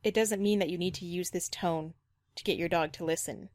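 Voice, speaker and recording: A woman's voice: fairly low pitch, steady tone, brisk, a little mellow, no room sound, studio quality. A woman dog trainer giving reaction commentary, critical and explanatory, repeating her points firmly.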